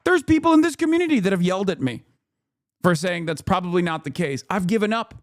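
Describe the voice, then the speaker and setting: Brief: male streamer, fairly high voice, blunt profane ranting, dry close-mic sound. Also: lively intonation, fast, no echo. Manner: emphatic and profane, lots of fillers and restarts. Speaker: streamer and political commentator. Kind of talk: casual commentary rant.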